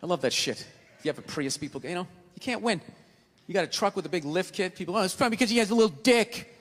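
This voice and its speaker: A man doing a stand-up comedy set on stage, ranting and profane, swinging between low mutters and shouts, with audience laughter. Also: lively intonation, quick pace. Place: large theater stage. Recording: live theater, long reverb, audience noise.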